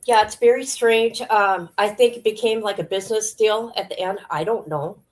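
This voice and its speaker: A woman's voice: medium pitch, moderate pace. A woman hosts a casual livestream with an everyday mid-range voice. She chats loosely and speaks straight to her viewers. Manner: chatty, addresses viewers directly. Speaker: livestream host. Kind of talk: casual gossip commentary.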